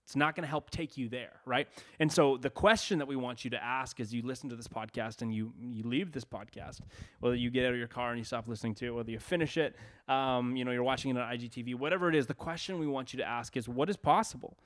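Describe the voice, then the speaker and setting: An upbeat young man co-hosting a podcast, his voice sitting at an ordinary middle pitch. He chats loosely and keeps a friendly, conversational flow. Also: quick pace. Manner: upbeat and chatty, many fillers. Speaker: podcast co-host. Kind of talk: casual podcast chat.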